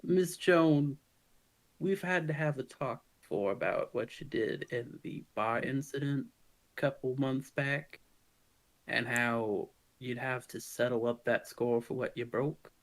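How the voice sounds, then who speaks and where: A man voicing a disfigured crime boss with a soft, gentle Southern drawl who makes calm threats at an unhurried pace. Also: medium pitch, close to an everyday voice, low-quality recording. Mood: businesslike. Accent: soft Southern US, put on.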